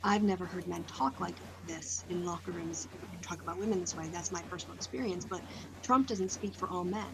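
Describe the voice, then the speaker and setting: A woman with a slightly low voice hosts a casual online discussion, thinking aloud and speculating as she goes, with plenty of ums and you-knows. She comes through a video call with clear hiss and noise underneath. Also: brisk. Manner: thoughtful, speculative, many fillers. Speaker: host.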